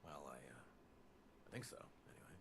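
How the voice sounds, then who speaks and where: A man's voice: extremely low pitch, expressive, normal speed, background noise. An actor playing a chatty reformed male ex-raider in a video game, rambling with self-deprecating asides. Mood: scheming.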